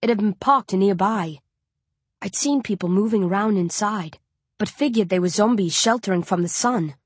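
A woman's voice: medium pitch, normal speed, breathy edge, dry recording. A woman reading a tense story aloud in first person, as an audiobook narrator.

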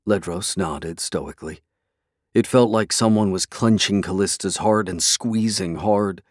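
A man narrating a fantasy novel in a measured, even storytelling way. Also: low-pitched, no echo, clean studio sound. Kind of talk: scripted fantasy audiobook narration.

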